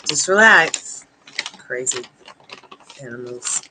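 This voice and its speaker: A woman's voice: extremely low pitch, lively intonation, takes it slowly, sharp tone, slight background noise, rough recording. A woman hosting a casual tarot livestream at home, reading out answers to viewers and cooing at her dogs on the couch. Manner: cooing baby talk to her dogs between chat replies.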